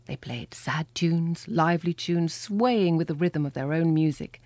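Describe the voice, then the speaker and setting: A woman reading a children's storybook aloud with lively, expressive storytelling. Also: low-pitched, unhurried, no room sound. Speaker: reader. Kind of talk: storybook read-aloud narration.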